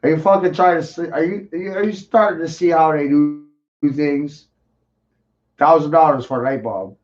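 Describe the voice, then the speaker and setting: A man hosting a talk show, ranting crudely with heavy swearing, mocking asides and sudden loud outbursts. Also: fairly high pitch, normal speed, muffled recording. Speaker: show host.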